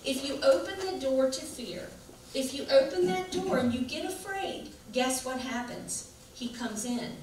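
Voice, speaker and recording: A woman's voice: high-pitched, a little slow, a little mellow. A woman pastor preaching a sermon, folksy and chatty, telling stories and laughing along. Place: church sanctuary. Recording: echoey church room, mic far off, background hum.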